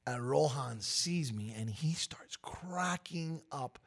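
A man's voice: medium pitch, slow pace, creaky, slightly rough. A man in his forties, a radio show co-host, telling a story in casual chat and acting out the lines of the people in it. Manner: animated storyteller, acts out quotes loudly.

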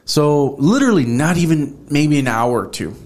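A man's voice: a little high, lively intonation, normal speed, darkish tone. A man hosting a podcast in casual chat, telling stories loosely and swearing often. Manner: loose storytelling full of profanity and "bro". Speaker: podcast host.

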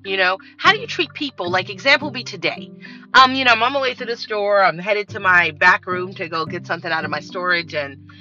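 A woman hosting a podcast, talking bluntly in a candid, profane monologue with animated storytelling. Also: medium pitch, brisk. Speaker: podcast host. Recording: dull lo-fi recording with faint music.

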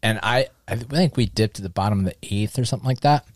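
A man's voice: medium pitch, fast, dry recording. A man chats casually on a podcast, rambling through a story and acting out what his friends said. His voice sits in an ordinary middle register. It is recorded dry and close on a studio mic with no room sound. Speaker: podcast co-host. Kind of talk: casual chat.

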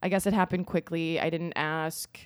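A woman's voice: low-pitched, steady tone, normal speed, clear, resonant tone, no echo, clean studio sound. A young woman hosting a podcast, telling a personal story in casual chat with lots of fillers and acted-out quotes. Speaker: podcast host.

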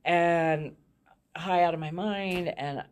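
A woman with a low voice tells her own story as a guest, frank and unguarded. She slips small laughs into her sentences even while describing hard times. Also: slow. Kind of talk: candid personal storytelling.

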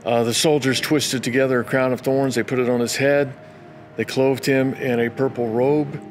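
A man's voice: medium pitch, level tone, moderate pace, faint music behind. Man reading scripture for a devotional. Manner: reads scripture aloud, breaking off into brief casual commentary. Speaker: pastor. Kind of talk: daily devotional Bible reading.

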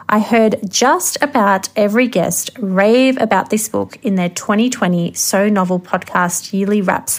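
A woman giving an upbeat, polished rundown of her favourite books of the year. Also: mid-range voice. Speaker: book reviewer. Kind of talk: scripted book recommendation.

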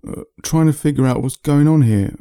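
A worn-out traveller in a storybook, nervous and defensive, as a man narrator puts him on. The voice rises higher than the narrator's own and gets pushed and flustered, though it stays dark underneath. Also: normal speed, no room sound, studio quality, lightly acted. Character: weary, nervous man hauling heavy bags.

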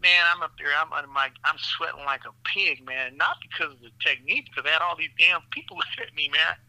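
Forceful, lively-talking guest doctor. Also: male voice, fairly high pitch, quick pace, no echo, low-quality recording. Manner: profane, laughing, fills every phrase with "man" and "brother". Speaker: physician guest. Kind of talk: animated storytelling in a podcast interview.

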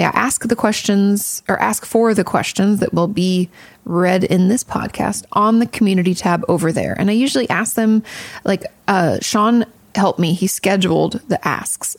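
A woman's voice: mid-range voice, creaky, no room sound. A woman podcast host and therapist giving candid, chatty advice and swearing casually.

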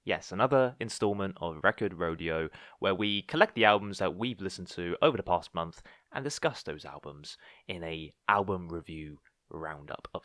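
A man hosts a podcast alone, rambling and poking fun at himself. His fairly low voice swings widely in pitch, and the recording is dry and close. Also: a bit bright, no room sound. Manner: rambling, self-deprecating, jokey. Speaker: podcast host. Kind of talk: casual podcast monologue.

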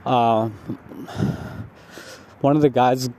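A young man, high as he talks, tells a long, rambling story full of "like" and swearing. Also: fairly even intonation, drawn-out words, warm tone. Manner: repetitive, profane, full of "like" fillers. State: stoned.

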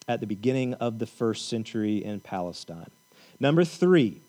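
A man with a notably high voice preaching in a church. His delivery is loose and conversational, with frequent check-ins to the congregation and playful joking asides. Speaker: pastor. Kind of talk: sermon.

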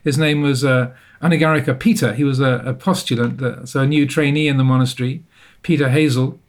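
A man telling a personal story as an interview guest, thoughtful and self-deprecating, often pausing to rephrase. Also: mid-range voice, fairly even intonation. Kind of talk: reflective storytelling.

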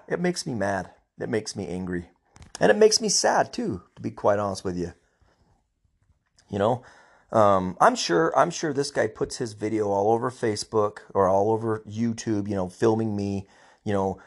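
A man's voice: fairly low pitch, creaky, husky. A middle-aged man, a police officer, ranting angrily on his own podcast, emphatic and repeating himself. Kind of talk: personal podcast rant.

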